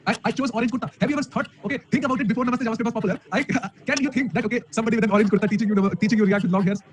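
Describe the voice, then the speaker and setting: Fast, high-voiced Indian English man. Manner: energetic, emphatic, rhetorical questions. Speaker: online coding teacher. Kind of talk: live-stream talk to an audience. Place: room alone. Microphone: camera mic.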